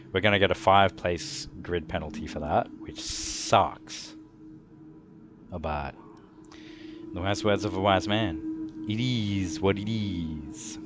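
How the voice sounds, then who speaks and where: A young man streaming a racing game, rambling casually and chatting in a laid-back way. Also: low-pitched. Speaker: gaming streamer. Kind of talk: casual live-stream commentary.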